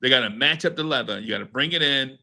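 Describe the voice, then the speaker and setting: His voice is mid-range, fast, and gravelly as he hosts a podcast. In slangy, laid-back chat he tells a story, animated and cursing, mimicking what people said.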